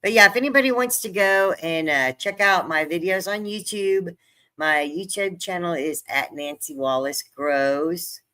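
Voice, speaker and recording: A woman's voice: fairly low pitch, unhurried, bright, forceful tone. An older woman chatting casually to viewers on her own livestream, talkative and easily moved, laughing often. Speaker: livestream host. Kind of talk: casual live-stream chat.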